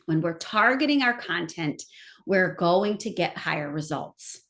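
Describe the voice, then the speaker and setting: A woman's voice: on the low side, measured pace. A middle-aged woman giving an enthusiastic seminar talk on marketing, speaking straight to her audience. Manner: enthusiastic, animated, addresses audience directly. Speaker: marketing trainer. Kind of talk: live seminar presentation.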